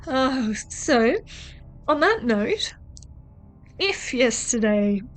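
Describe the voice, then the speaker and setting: A woman's voice: fairly high pitch, sing-song, very slow, soft background music. A woman with an Australian accent, chatting casually and joking as she shows a nail tutorial, with frequent swearing. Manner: chatty, swears freely, jokey. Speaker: nail artist vlogger.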